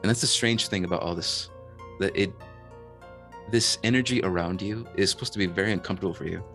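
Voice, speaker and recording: A man narrating as game master of a tabletop role-playing game, slow and descriptive with small hesitations. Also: low-pitched, fairly bright tone, soft background music.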